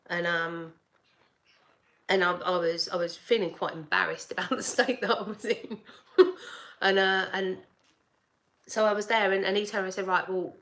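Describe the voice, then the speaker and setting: A middle-aged woman telling a personal story in casual chat, acting out what people said to her and laughing often. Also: lowish voice. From United Kingdom. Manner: animated, laughs often, acts out dialogue with repeated words.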